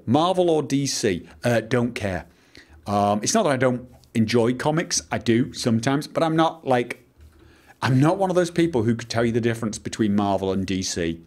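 Animated and a little mellow, this man's mid-range voice keeps a normal speed as he commentates a video game he plays. A Let's Play host from Manchester, England with a Mancunian English accent, he rambles theatrically with exclaiming inflections.

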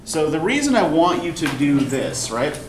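A male instructor lectures a class in a patient, explanatory way, pausing often to ask whether everyone follows. He sounds set back from the mic in an echoey classroom, with a faint hum of room noise behind him. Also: fairly high pitch, sing-song. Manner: patient, explanatory, checks understanding with frequent "right?". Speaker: college English instructor. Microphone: recorder at a distance in the room. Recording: roomy distant classroom recording with faint background noise.

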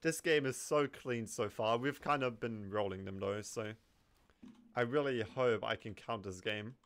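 A man narrating his match as he plays, chatty and jumpy, dropping to quiet mutters under his breath and then bursting out when danger appears. His pitch sits in an ordinary middle range, and faint keyboard clicks are heard behind him. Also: a little slow. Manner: excitable, swings from muttering to yelping and laughing. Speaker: gaming commentator. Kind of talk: live gameplay commentary.

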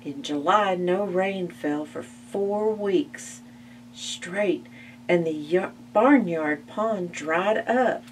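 A woman reads a children's picture book aloud for a library storytime, very slow and deliberate, with expressive gasps. She sits back from the mic, and a faint hum runs under the recording. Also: lowish voice, far from the mic.

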